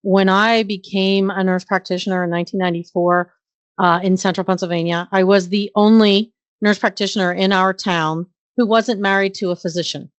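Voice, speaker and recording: A middle-aged woman, a nurse practitioner, is a guest in a conversational interview, earnestly telling stories from her career with lots of ums and uhs. Her voice is mid-range and steady at a normal speed, and the recording is muffled with no room sound.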